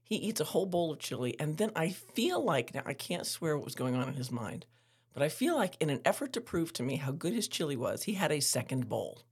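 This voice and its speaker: Podcast host: frank, laughing woman, husky lowish voice, very lively delivery. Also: brisk. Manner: candid, laughing, animated storytelling. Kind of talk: frank casual monologue.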